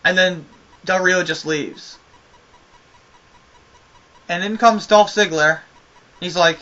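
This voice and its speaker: A man's voice: high-pitched, slow pace, pauses often, pushed and bright, dull audio. A man giving a casual spoken review of a wrestling show, ranting with exasperation and a lot of swearing.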